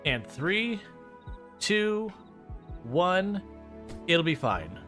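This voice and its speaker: A man's voice: sits high, very animated, drawn-out words, over music. A man chatting casually while streaming a farming game, rambling, joking and laughing often. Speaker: gaming streamer. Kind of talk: casual gameplay commentary.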